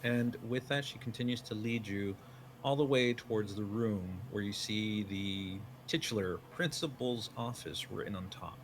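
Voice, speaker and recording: A man's voice: fairly low pitch, normal speed, slight background noise. A man narrating as game master, describing the scene in second person with many fillers.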